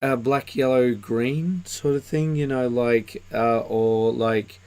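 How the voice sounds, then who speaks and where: A man's voice: mid-range voice, steady tone, slow pace, darkish tone, clear, resonant tone. A man with a sick voice chatting casually on a live stream, rambling with many fillers and restarts. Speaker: co-host reviewing miniatures.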